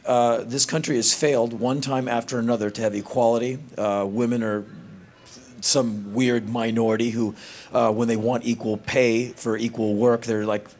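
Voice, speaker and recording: A man's voice: mid-range voice, moderate pace. Guy on a movie panel chatting loose, acts out little bits of dialogue. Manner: animated, acts out quotes. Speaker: actor on a film panel. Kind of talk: casual storytelling.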